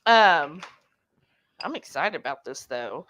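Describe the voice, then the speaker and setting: A woman's voice: sits low, big pitch swings, slow, a bit bright, slight background noise. A woman co-hosting a live cooking stream, chatting casually and reading viewer comments aloud. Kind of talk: casual live cook-along chat.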